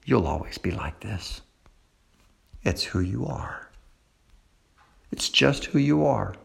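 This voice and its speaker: A man voicing Satan as a sly male tempter, speaking low and hushed. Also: very animated, slow, creaky, husky, exaggerated voice. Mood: taunting.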